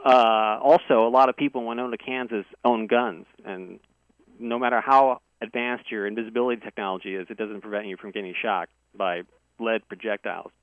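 A man's voice: on the low side, steady tone, a little fast, dry recording. A male guest earnestly telling a detailed personal story in a conversational way, heard over a phone. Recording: tinny dry phone line.

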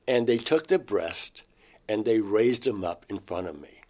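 A man's voice: lowish voice, moderate pace, darkish tone. A man being interviewed, earnestly telling a first-person story and acting out his own past words. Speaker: interview guest. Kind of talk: first-person account of an abduction experience.

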